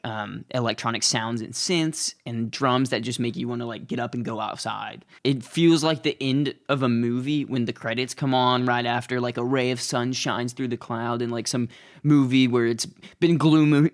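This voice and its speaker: A young man hosting his own show, talking in a casual, rambling, self-deprecating comedic monologue. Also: medium pitch. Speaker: host.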